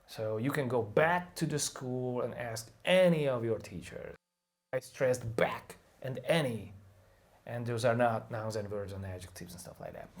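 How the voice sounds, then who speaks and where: A man with an American accent teaching pronunciation in an online English lesson, joking crudely and stretching out stressed example words. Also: medium pitch. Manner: playful, crude jokes, slow drawn-out stressing of example words.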